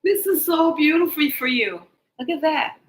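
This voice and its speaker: A woman giving a casual tarot reading, animated and joking, laughing often as she talks. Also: high-pitched, moderate pace, echoey room, poor audio. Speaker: tarot card reader.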